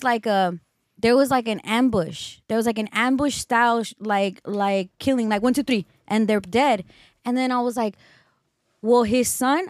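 A woman's voice: on the high side, no echo, studio quality. A young woman with a Los Angeles accent, co-hosting a podcast and telling a story in casual chat, quoting people as she goes. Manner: animated storyteller, quotes others, many fillers. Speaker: podcast co-host.

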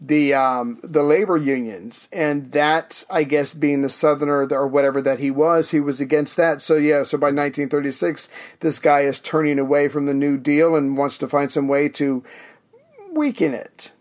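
A man co-hosting a history podcast, asking questions and adding comments in a relaxed conversational way. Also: fairly high pitch, normal speed. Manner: conversational, prompting questions and frequent backchannels. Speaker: podcast co-host. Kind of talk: casual history podcast chat.

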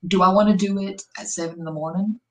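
A woman reviewing an audiobook in casual chat, chatty and full of "like", her pitch jumping up when she quotes herself. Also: steady tone, fast talker, noisy background. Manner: chatty, filler-heavy, jumps up in pitch when quoting herself. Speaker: podcast co-host.

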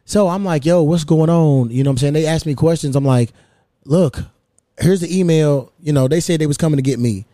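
High-voiced, dark-toned male podcast host. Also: fairly quick, no echo, clean studio sound. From United States. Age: 30s. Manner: animated, profane storytelling. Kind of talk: casual storytelling chat.

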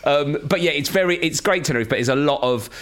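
A man's voice: on the high side, fast, noisy background. An English man co-hosting a casual chat podcast, telling stories with laughter and swearing. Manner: animated storyteller, swears, laughs often. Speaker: podcast co-host.

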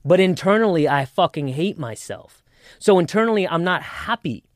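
A man talking on a podcast with a slightly raised pitch, driving his points home in an animated, swearing, motivational way. His voice is close and dry with no room sound, and he delivers it all as casual chat among friends. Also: moderate pace, no room sound. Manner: animated, profane, motivational pep talk.

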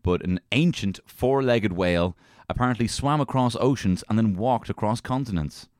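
Deep-voiced joking male podcast host. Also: normal speed, darkish tone, no echo, clean studio sound. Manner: joking, rambling, trails off. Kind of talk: casual comedic chat.

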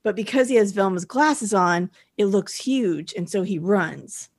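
A woman's voice: mid-range voice, animated, a little slow, breathy edge. A woman with a mid-range voice, co-hosting a podcast and retelling a cartoon plot. She chats casually and leans on "like" as she talks. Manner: storytelling recap, chatty, with many "like"s. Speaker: podcast co-host. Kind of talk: casual chat recapping a cartoon episode.

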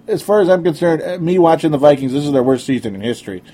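A sarcastic sports podcast host rambles through a casual monologue, using frequent fillers. His voice is a little high, expressive and fairly quick, mellow but slightly rough.

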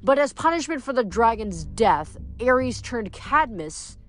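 A woman's voice: a little high, sing-song, a little slow, faint music behind. Young woman reading a novel aloud. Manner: casual recap with fillers. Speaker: book reader.

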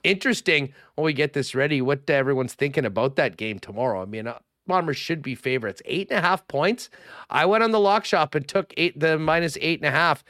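A man's voice: fairly high pitch, lively intonation, a little fast, fairly bright tone, no echo, clean studio sound. A man with a Canadian accent hosting a casual sports talk show, rambling through sponsor plugs and giveaways. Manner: chatty, rambling, promo reads. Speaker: sports radio host.

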